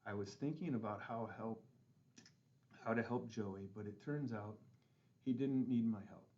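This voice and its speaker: A man's voice: on the low side, measured pace, highs cut off. Man reading a children's book aloud. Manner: gentle storytelling with light character voices. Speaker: school board president reading aloud.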